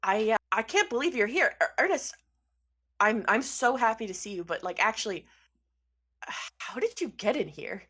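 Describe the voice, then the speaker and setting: A woman's voice: a little high, very animated, a bit bright, full character voice. A woman voicing an emotional, overjoyed woman reunited with an old friend, stammering and tearful. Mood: excited, flustered. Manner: stammering and tearful, talking fast.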